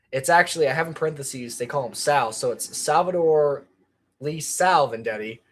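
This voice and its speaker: A man chatting on a casual livestream about his channel, rambling with lots of ums and restarts. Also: fairly high pitch. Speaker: channel creator.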